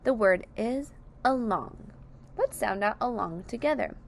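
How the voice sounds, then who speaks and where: A woman's voice: a little high, lively intonation, unhurried, creaky. A woman teaching a phonics lesson, sounding out each word syllable by syllable with careful, over-enunciated speech. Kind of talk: slow, deliberate phonics lesson.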